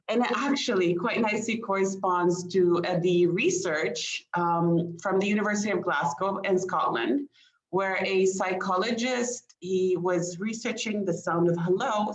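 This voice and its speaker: In a webinar presentation, a female communication expert with a mid-range voice keeps listeners engaged by asking questions and laughing lightly. The audio is lo-fi, with a dull, roomy quality.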